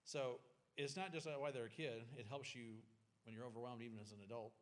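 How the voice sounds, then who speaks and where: A man co-presenting a parenting class, relaxed and plain-spoken, with loose restarts. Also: mid-range voice, fairly quick. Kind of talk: casual class talk.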